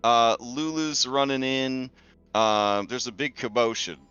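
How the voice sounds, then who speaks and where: A man's voice: medium pitch, slow pace, clear, resonant tone, muffled recording, soft background music. A man narrating as game master of a tabletop game, talking with lots of fillers and restarts. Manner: lively, many fillers and restarts.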